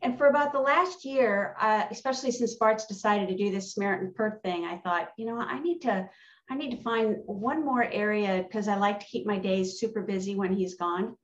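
A woman's voice: mid-range voice, normal speed. Woman telling a story from a distance. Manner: animated, reenacts conversations in her story. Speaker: church member sharing a testimony. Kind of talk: casual storytelling testimony. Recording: distant, roomy, dull sound.

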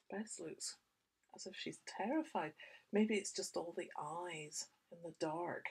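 A woman, a children's author, reading her picture book aloud for young children with expressive, whispery asides. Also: mid-range voice, takes it slowly, husky.

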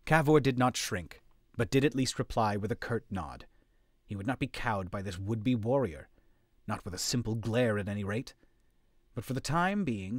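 A man's voice: on the low side, no room sound, clean studio sound. A man reading a fantasy story aloud on a live stream, narrating steadily. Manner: steady narration with occasional slips.

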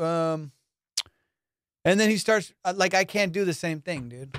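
Man, high voice, dry close mic, casual podcast chat, profane, storytelling. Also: normal speed, clean tone, no echo. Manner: profane, storytelling, laughs often. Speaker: podcast host.

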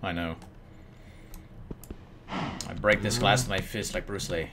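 A man hosting a casual game session with friends, excitable and hammy, breaking into loud outbursts. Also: sits low, unhurried, background noise. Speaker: gameplay host. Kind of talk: casual gaming chat with friends. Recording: keyboard clicks and typing.

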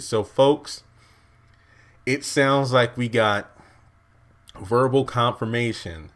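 A man recapping a TV episode in an excited, rambling, emotional way, addressing his viewers directly. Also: mid-range voice, slow, long pauses. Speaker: TV show recap vlogger.

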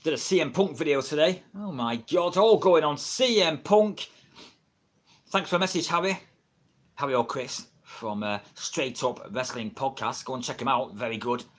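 A man's voice: fairly high pitch, normal speed, husky. A middle-aged man with an English accent, chatting casually on a livestream, rambling and laughing often, recorded on a built-in camera mic at home. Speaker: wrestling livestreamer. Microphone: built-in camera mic, no microphone.

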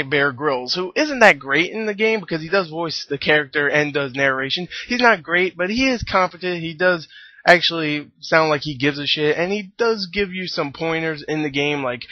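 A man talks through a casual game review with a blunt, exasperated edge, swearing freely. His voice sits a bit high for a man. The recording is dry and close, with a slightly muffled, dull tone. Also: no room sound. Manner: blunt, profane, exasperated ranting.

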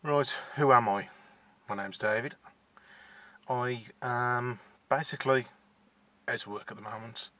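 Young West Midlands man, shy first-time vlogger, bright-voiced, hesitant, chatting in his car. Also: mid-range voice, fairly even intonation, measured pace. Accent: West Midlands (Wolverhampton). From England. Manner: shy, hesitant, many fillers and restarts. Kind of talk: casual to-camera chat. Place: inside a parked car.

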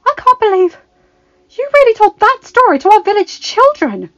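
A woman's voice: sits high, lively intonation, normal speed, pitched above the performer's own voice. A woman voicing a polite, earnest young heroine in a storybook reading.

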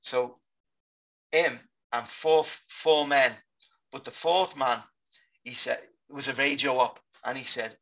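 British guy in his 50s telling a war story slow and sober, sharp bright voice, kinda dull lo-fi audio. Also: medium pitch, fairly even intonation. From Britain. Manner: sober, halting recollection. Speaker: guest, war veteran. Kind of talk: interview storytelling.

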